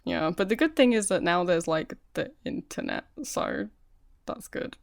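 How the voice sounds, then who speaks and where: A woman's voice: lowish voice, huge pitch swings, a little slow, creaky, dry recording, clean studio sound. A woman co-hosting a podcast in frank, casual chat, using lots of fillers. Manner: laughs easily, casual and frank, filler-heavy. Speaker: podcast co-host.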